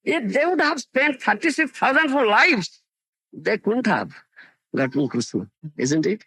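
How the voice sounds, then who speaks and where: A man lectures on scripture through stories and often checks that his listeners follow. His voice is high and lively, with a husky, gravelly texture. The recording is dry and close. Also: unhurried, dry recording. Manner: storytelling, checks understanding often. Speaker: spiritual teacher.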